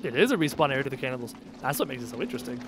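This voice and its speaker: A man's voice: medium pitch, big pitch swings, rapid-fire, a bit bright, a little hiss or hum. A man with a Canadian accent, streaming a game and chatting sarcastically with his viewers. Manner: chatty and sarcastic, answers chat aloud. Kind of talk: casual live-stream chat while gaming.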